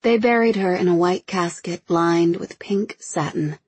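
A woman narrating a first-person audiobook in a measured, intimate, low-key way. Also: a little mellow, slightly rough.

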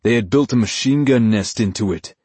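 A man's voice: fairly low pitch, brisk, slightly rough, no echo. A man voicing a hardened, heartless soldier who speaks matter-of-factly. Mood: blunt. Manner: flat, matter-of-fact.

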